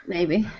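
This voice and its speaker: A woman talking as a guest in a casual livestream chat, with a deadpan, dry sense of humor. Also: medium pitch, breathy edge. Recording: dull lo-fi stream audio.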